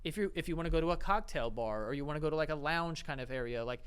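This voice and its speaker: A man's voice: on the high side, expressive, fast talker, a bit bright, clear, resonant tone. A man co-hosting a podcast, talking casually and playfully with lots of fillers. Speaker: podcast co-host. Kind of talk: casual chat.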